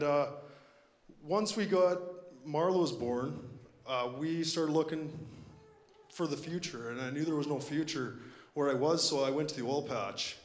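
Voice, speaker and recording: A Canadian man in his late twenties shares his personal testimony before a church congregation. He talks candidly and plainly at an ordinary pitch, with flashes of self-deprecating humor. His voice rings through an echoey church hall. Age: late 20s. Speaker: church member giving testimony. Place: church sanctuary.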